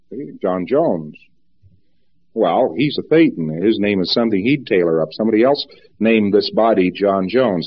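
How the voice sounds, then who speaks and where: Man lecturing on dull old tape. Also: mid-range voice. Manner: lively storytelling, acts out quotes. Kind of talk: informal lecture with anecdotes.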